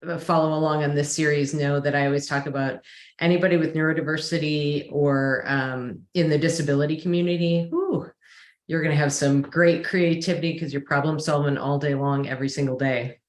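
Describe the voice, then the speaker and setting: Low-voiced woman host in an echoey room. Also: fairly even intonation, a little fast. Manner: enthusiastic, affirming. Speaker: series host. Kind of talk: interview hosting.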